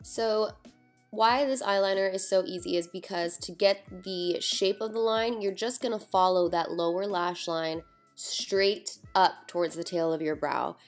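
A woman's voice: medium pitch, unhurried, faint music behind. A young woman chatting casually through a makeup tutorial, joking at herself and sounding a little sleepy. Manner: chatty, self-deprecating, talks through each step. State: sleepy, just woke up. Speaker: beauty vlogger.

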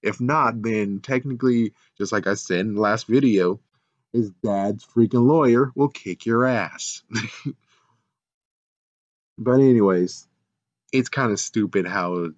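A man with a fairly low voice rambles through a show recap, sarcastic and exasperated, swearing now and then. The sound is dull and lo-fi, with a dry, close feel and no room around it. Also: takes it slowly, pauses often, no echo. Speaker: show reviewer. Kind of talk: casual episode recap and review.

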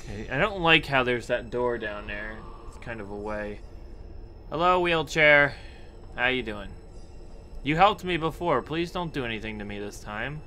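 A young man narrating his way through a horror game, nervous and easily startled, talking to the props around him. His voice is bright and swings widely in pitch, and he speaks slowly. Faint game ambience hums underneath. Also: animated, a little hiss or hum. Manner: nervous, jumpy, talks to objects, screams at scares. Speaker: gaming YouTuber. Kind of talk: horror game let's play commentary.

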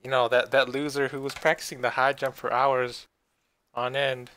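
A man's voice: mid-range voice, level tone, normal speed, fairly bright tone, smooth, low-quality recording. A man co-hosting a casual review podcast, rambling and stammering as he sarcastically retells a plot. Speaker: podcast co-host.

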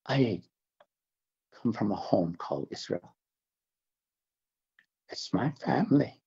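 A man from the Navajo Nation, older, giving an earnest religious testimony in an interview, halting and restarting his words. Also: on the low side, expressive, mellow, lo-fi sound. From Navajo Nation, American Southwest. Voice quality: gravelly, husky. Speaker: interview guest.

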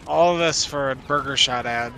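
A man's voice: medium pitch, normal speed, creaky, bright, forceful tone, slight background noise. A man chatting casually while playing a game with friends, joking and swearing often. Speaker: gamer streaming with friends.

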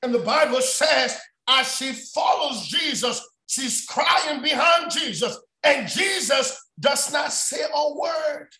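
A man preaching a sermon on a prayer line, shouting often and repeating his phrases. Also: very high-pitched, animated, takes it slowly, hardly any pauses. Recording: echoey room sound.

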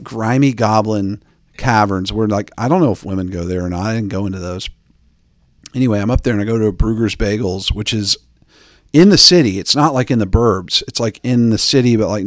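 A man's voice: fairly low pitch, dry recording, clean studio sound. A man hosting a podcast, chatting casually in a rambling, joking way with lots of fillers. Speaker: podcast host. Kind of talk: casual chat.

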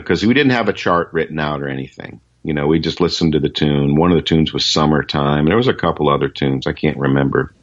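A man's voice: very deep voice, highs cut off. A man, a session guitarist, telling anecdotes in a casual interview, rambling with lots of fillers and restarts.

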